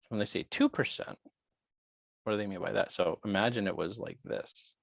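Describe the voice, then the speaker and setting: A man's voice: on the low side, brisk, gravelly, no echo. A man lecturing on biology in an online class, working through quiz questions and thinking aloud in a chatty way.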